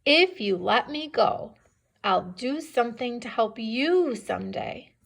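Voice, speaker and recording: A woman's voice: a little high, expressive, slow, creaky, a bit bright, heavily acted. A woman voicing a tiny male mouse who begs for his life in a storybook read-aloud. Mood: pleading. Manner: begging, breathless pleading.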